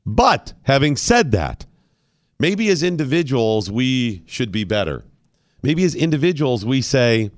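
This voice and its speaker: A man's voice: medium pitch, sing-song, normal speed, no echo, clean studio sound. A male radio host giving argumentative, opinionated commentary and firing off rhetorical questions.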